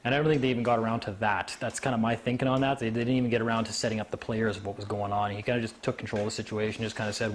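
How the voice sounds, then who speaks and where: A man speaking to a live audience, telling a story with animated delivery and acting out the voices of the people in it. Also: lowish voice, very fast, few pauses, a little hiss or hum. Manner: animated, acts out quoted voices.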